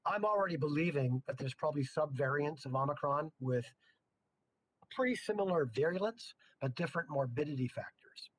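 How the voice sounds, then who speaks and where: A man's voice: a little high, a little hiss or hum. A middle-aged man teaching a chemistry class in a casual, joking way, full of chatty asides. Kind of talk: casual lecture.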